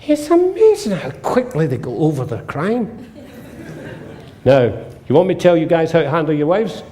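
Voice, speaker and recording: An older man presents a humorous seminar to a live audience. His voice sits a bit high for a man and swings widely in pitch. He tells jokey stories and acts out the dialogue in them. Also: big pitch swings, moderate pace, mellow.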